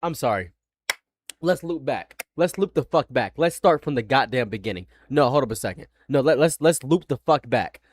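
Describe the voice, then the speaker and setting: A male streamer giving heated, profane livestream commentary, swinging from shouting to muttering, overheated and sweaty. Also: medium pitch, animated, fairly quick, hardly any pauses, dry recording, studio quality.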